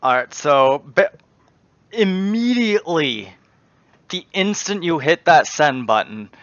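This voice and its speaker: A man running a tabletop game as game master, briskly moving play along. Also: fairly high pitch, very animated, fairly bright tone, dry recording. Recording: dry muffled lo-fi mic.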